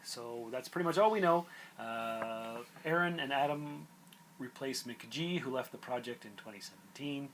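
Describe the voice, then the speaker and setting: A man's voice: mid-range voice, normal speed, slight background noise, poor audio. A man co-hosting a podcast, chatting casually and reading movie and TV news items aloud with asides. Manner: reads entertainment news items aloud with side comments. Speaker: podcast co-host.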